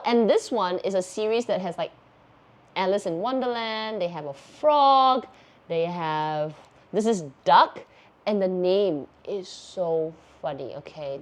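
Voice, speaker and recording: A woman, a YouTube host chatting casually through viewer questions in a bubbly, giggly, excitable way. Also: lowish voice. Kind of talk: casual Q&A chat.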